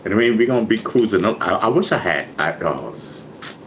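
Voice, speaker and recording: A man's voice: on the low side, animated, fairly quick, background noise. A man talking casually to his viewers, boastful and laughing, who keeps saying "you know what I mean". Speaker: vlogger.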